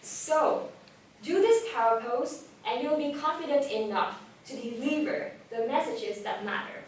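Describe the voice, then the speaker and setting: Lively young woman coaching in a hall. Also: high voice, measured pace, slight background noise. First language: Vietnamese. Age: young adult. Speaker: speaker giving a talk on public speaking. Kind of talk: motivational talk to a live audience. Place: event hall. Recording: echoey hall, voice from far off.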